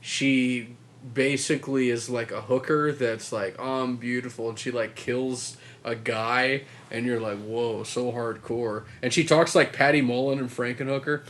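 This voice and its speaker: A young man co-hosting a podcast in casual chat, telling stories in a rambling way, swearing freely and acting out quotes in loud voices. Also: medium pitch, fairly even intonation, moderate pace. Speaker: podcast co-host.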